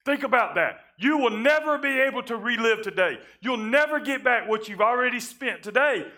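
A man preaching a sermon in a conversational way, often repeating words and dropping his voice low at times. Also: lively intonation, moderate pace, pushed and bright. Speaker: pastor. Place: church sanctuary.

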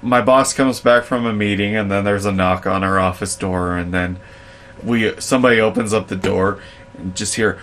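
A young adult man telling work stories in a casual chat, animated and laughing, acting out the voices of others. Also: on the low side, normal speed, slight background noise. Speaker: podcast co-host, storyteller.

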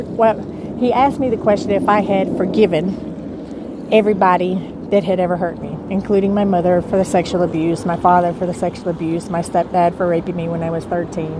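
A woman's voice: on the low side, noisy background. A woman hosting a podcast, talking in an earnest, blunt motivational monologue, swearing freely and repeating her points for emphasis. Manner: emphatic repetition. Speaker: podcast host.

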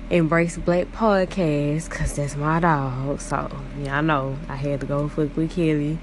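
A woman's voice: low voice, a little hiss or hum. Laid-back woman podcast host. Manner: laid-back, slangy, warm shout-outs. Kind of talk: casual chat.

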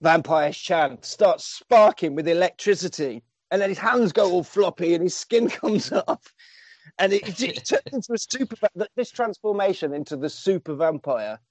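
Man, slightly high voice, dry close sound, lively casual film recap with put-on voices. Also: moderate pace, no echo. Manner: animated storyteller, acting out quotes, swears freely. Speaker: podcast co-host recapping a film. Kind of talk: casual chat.

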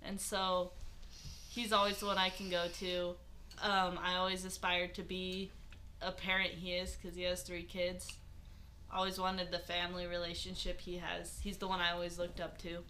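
Young woman sharing thanks, lower voice, bright tone, soft hiss behind. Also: completely flat delivery, moderate pace. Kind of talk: casual chat.

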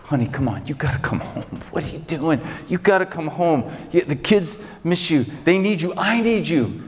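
A man's voice: on the high side, animated, normal speed, long reverb tail, voice pushed up, natural voice. A man voicing an anguished husband who urgently begs his wife to come home. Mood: pleading. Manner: urgent, pleading.

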